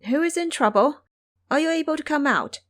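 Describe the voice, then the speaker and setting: A woman voicing a gentle, kindly monk. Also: fairly low pitch, big pitch swings, normal speed. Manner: gentle, compassionate. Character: kind, devout male Buddhist monk.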